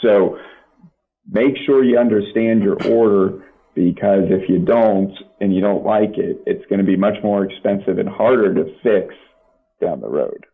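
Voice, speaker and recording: A man's voice: fairly low pitch, measured pace, creaky, husky. A man, a family law attorney and podcast guest, explaining legal points plainly with practical examples. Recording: tinny phone-like line.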